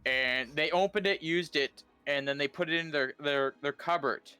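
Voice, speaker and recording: A man's voice: fairly high pitch, moderate pace, bright, forceful tone, clear, resonant tone. Man from Alberta, casual co-host, profane and easily sidetracked, faint music bed. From Alberta, Canada. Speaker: stream co-host. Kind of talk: casual stream chat.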